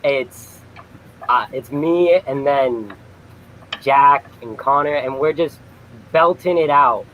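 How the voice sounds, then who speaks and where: A man's voice: mid-range voice, slow, pauses often, fairly bright tone, muffled recording, a little hiss or hum. A young man, a guest on an online chat show, giving brief, modest, easygoing answers. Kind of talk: casual interview answers.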